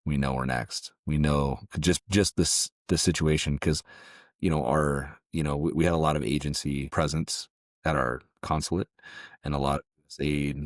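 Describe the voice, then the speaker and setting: A man's voice: rumbling low, steady tone, moderate pace, dry recording, clean studio sound. A man from Southern California, a former security contractor, telling stories as a guest in a casual interview, loose and conversational with frequent restarts.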